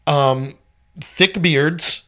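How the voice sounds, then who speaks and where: A man's voice: on the high side, drawn-out words, sharp tone. A man joking and bantering in casual talk show chat. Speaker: co-host.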